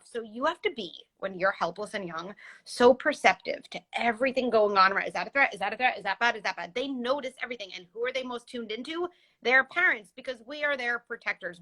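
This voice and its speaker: A woman hosting a casual conversation as a parenting psychologist, explaining with lively examples over a video call. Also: fairly high pitch. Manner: animated, explains with vivid examples. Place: home, recorded livestream.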